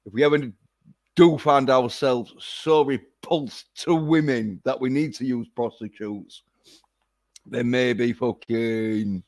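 A man's voice: mid-range voice, slow pace, a little mellow. A man ranting profanely in a casual livestream. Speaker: vlogger.

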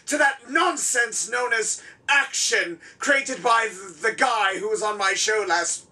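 Shouty, flamboyant high-voiced male host. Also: slow, hardly any pauses, distant mic. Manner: theatrical, flustered, shouty, self-aggrandizing. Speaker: comedy talk show host character. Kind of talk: over-the-top comedic hosting.

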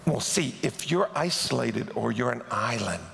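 Pastor type, male, very gravelly voice, lively storyteller; recorded in a long-reverb church hall. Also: medium pitch, moderate pace, a little hiss or hum. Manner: animated storyteller who acts out the people in his stories. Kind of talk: sermon storytelling. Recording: echoey hall.

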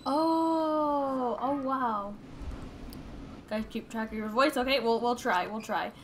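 A woman's voice: fairly high pitch, takes it slowly, slight background noise. A woman co-hosting a casual gaming livestream, joking about her own play. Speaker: livestream co-host.

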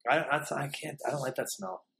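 A young man hosting a casual podcast chat, telling stories in a rapid, animated way and swearing freely. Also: fairly high pitch, gravelly, a little hiss or hum. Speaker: podcast host.

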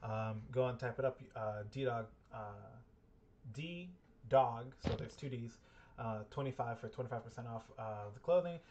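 A man's voice: mid-range voice, measured pace, lo-fi sound, noisy background. A young man co-hosting a casual podcast chat, talking loosely with many fillers and bursts of laughter. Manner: filler-heavy, laughs loudly. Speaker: podcast co-host.

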